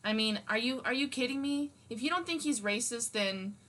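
Bright-voiced impassioned woman podcaster. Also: on the high side, moderate pace. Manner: impassioned, indignant, swears freely. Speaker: podcast co-host. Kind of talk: casual podcast chat.

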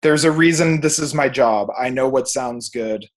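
A man's voice: medium pitch, normal speed. A young man, a music producer, ranting emphatically and swearing freely as a guest on a podcast. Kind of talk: casual podcast chat.

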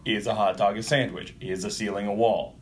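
A man's voice: fairly low pitch, steady tone, fairly quick, slight background noise. A man from Arkansas co-hosting a casual sports podcast, cracking playful, slangy jokes. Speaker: podcast co-host.

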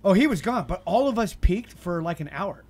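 High-voiced, animated storytelling man. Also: a little fast. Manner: animated storyteller, swears a lot, laughs often. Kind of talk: casual chat.

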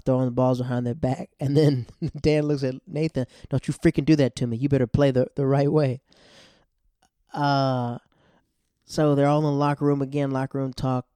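Mellow-voiced man chatting through a recap. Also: mid-range voice, no room sound, studio quality. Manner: chatty, slangy, acts out character lines in quick bursts. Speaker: TV episode recapper. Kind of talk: casual episode recap.

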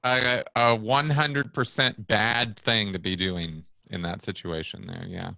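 A man's voice: on the low side, steady tone, a little slow, creaky, bright, forceful tone, no echo. A man hosting a casual chat, amused and teasing with his guest. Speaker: host.

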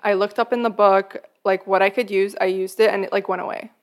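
A woman's voice: medium pitch, steady tone, a little fast. A young woman co-hosting a podcast in casual chat, talking freely and filling her sentences with "like". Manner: chatty, fills speech with "like". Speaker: podcast co-host.

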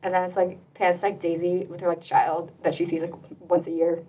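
A woman's voice: fairly low pitch, little pitch movement, a little fast, mellow, distant mic, a little hiss or hum, poor audio. A young woman leading a casual student discussion, chatty and full of fillers, laughing often. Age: young adult. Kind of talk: casual chat.

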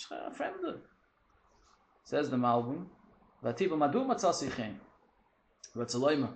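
A man teaching a lively text study class, quick and animated, mixing in Hebrew and Yiddish terms. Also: a little high, roomy sound.

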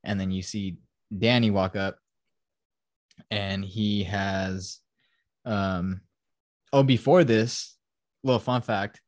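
A man's voice: lowish voice, fairly even intonation, slow, long pauses, dry recording, clean studio sound. A young man hosting a casual podcast, animatedly retelling a film scene by scene with lots of swearing and acted-out quotes. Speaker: podcast host. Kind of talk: casual film-review chat.

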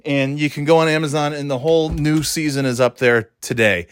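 A man enthusing about a video in casual chat before signing off quickly. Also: a little high, fairly even intonation, clear, resonant tone, dry recording. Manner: enthusiastic, laughing, quick sign-off.

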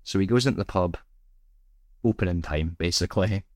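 A man's voice: low-pitched, fairly quick, no room sound, clean studio sound. A man, a podcast co-host, telling anecdotes in casual chat, laughing and swearing freely.

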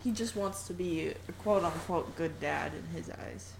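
A woman's voice: fairly low pitch, normal speed, vocal fry, darkish tone, a little hiss or hum, rough recording. A woman co-hosting a podcast, chiming in with short remarks in a casual film chat. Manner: brief reactive remarks. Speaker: podcast co-host.

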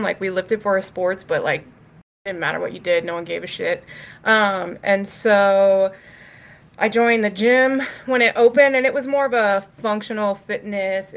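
A young adult woman telling her story as a podcast guest, talking casually with lots of "like" and "um" and easy swearing. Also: medium pitch. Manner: chatty, frequent "like" and "um" fillers.

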